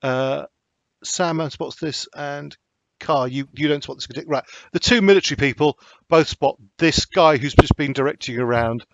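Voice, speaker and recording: A man, narrating as game master for a tabletop horror game and pausing often with ums and restarts. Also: on the high side, no echo. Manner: hesitant, many ums and restarts. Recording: dry, slightly dull lo-fi recording.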